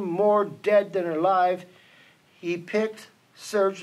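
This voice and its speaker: A man reading a children's rhyming storybook aloud in an expressive, rhythmic way. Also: high voice. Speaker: storybook reader.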